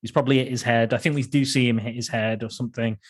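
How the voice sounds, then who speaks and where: A man talks through old films in a loose, rambling way, restarting sentences and chuckling as he goes. His voice sits at an ordinary middle pitch, and he sounds like a relaxed podcast co-host. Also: fast talker, breathy edge. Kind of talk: casual film discussion.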